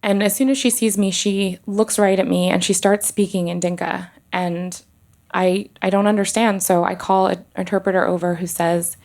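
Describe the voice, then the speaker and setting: A woman doctor telling a personal story in an earnest, halting way, with pauses and restarts. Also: medium pitch, steady tone, darkish tone.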